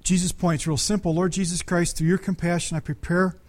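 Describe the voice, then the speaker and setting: A man's voice: sits high, level tone, brisk. A man preaching a conversational sermon as pastor, often asking the congregation questions.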